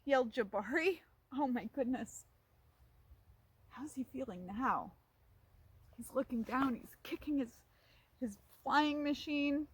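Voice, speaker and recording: A woman reading a picture book aloud to children, pausing to ask them questions in an animated way. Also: high-pitched, husky. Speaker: storytime reader.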